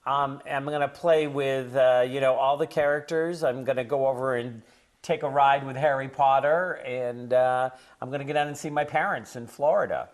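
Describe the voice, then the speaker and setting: A man chatting on a talk show, rambling and conversational, who grows forceful and preachy when he lectures parents. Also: medium pitch, fairly even intonation, normal speed. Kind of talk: casual talk show chat and storytelling.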